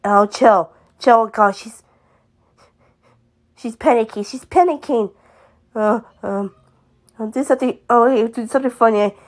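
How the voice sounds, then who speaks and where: A woman telling an improvised homemade story, halting and stammering with many fillers and restarts. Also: fairly high pitch.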